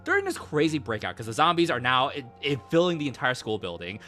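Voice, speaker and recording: A young man streaming, giving an excitable, sweary casual recap of a game he played and acting out the lines. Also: mid-range voice, fast talker, faint music behind. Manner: excitable, swears a lot, acts out quotes.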